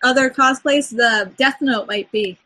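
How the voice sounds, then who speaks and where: A woman's voice: sits high, unhurried, pushed and bright, rough recording. A woman in a casual group chat, laughing lightly between phrases as she lists her plans.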